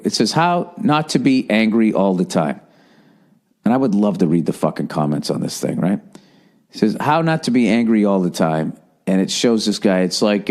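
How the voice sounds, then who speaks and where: A man's voice: mid-range voice, darkish tone. A man in his forties hosting a solo podcast, ranting and swearing, then mocking himself. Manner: ranting, profane, self-mocking. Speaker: podcast host. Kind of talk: casual solo podcast monologue.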